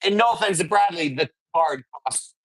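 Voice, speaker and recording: A man's voice: a little high, lively intonation, moderate pace, no room sound, rough recording. A man hosting a sports card show, telling a story in a chatty, rambling way and often checking in with "right?". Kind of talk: casual storytelling. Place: sports memorabilia shop.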